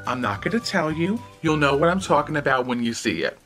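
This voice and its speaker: Woman voicing a scandalized coworker gossiping in a low, flustered hush. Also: sing-song, fairly quick, soft background music, exaggerated voice. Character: shocked female office coworker.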